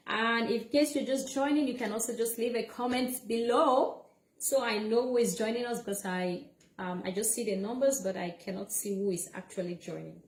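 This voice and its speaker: A woman with a fairly high voice gives relationship tips on a casual livestream. She talks earnestly and repeats each point, checking in with her listeners as she goes. The room around her is echoey. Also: normal speed. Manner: earnest, repeats points, many "okay?" and "you know?". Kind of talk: casual livestream advice talk.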